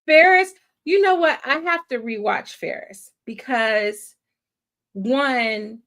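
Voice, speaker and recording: A woman's voice: sits high, takes it slowly, a bit bright. A woman hosting a movie watch-party live stream, chatting casually and effusively and laughing often.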